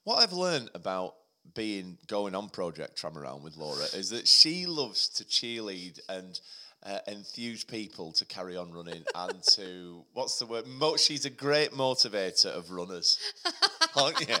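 Lively, bright-voiced chatty man. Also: on the low side, measured pace. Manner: enthusiastic, laughing, repeats and restarts phrases. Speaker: podcast co-host. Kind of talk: casual chat.

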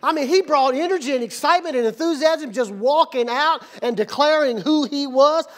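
Man preaching in a church, very high voice, calm teaching turning to shouted call-and-response. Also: moderate pace, hardly any pauses. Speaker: pastor. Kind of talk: sermon. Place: church sanctuary.

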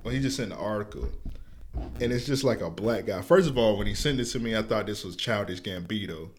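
Lower-voiced young man, dry and skeptical. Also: a little fast, a little hiss or hum. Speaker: podcast co-host. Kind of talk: casual profane chat.

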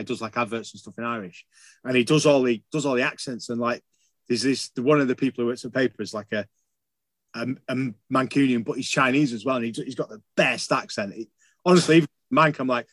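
Fast-talking man, swearing, podcast chat. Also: mid-range voice, a bit bright, dry recording. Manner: swearing, rambling, enthusiastic. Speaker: podcast co-host.

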